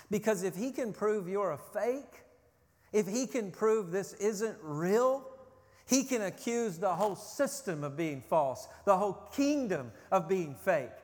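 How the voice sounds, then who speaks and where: A man who is a pastor preaching a sermon, urgent and loud on his warnings, then dropping low and quiet when he asks questions. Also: in a large hall.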